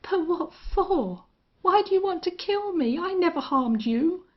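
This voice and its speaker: A woman's voice: mid-range voice, measured pace, vocal fry, slightly rough, muffled recording. A woman reading an audiobook western voices a cowardly, blustering young ranch heir who stammers in panic. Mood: panicked.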